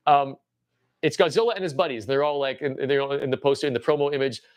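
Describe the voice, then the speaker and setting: A man in his forties hosting a casual livestream show-and-tell, rambling with stammering restarts and excited tangents. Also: mid-range voice, fast talker. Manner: excitable and enthusiastic. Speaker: livestream host.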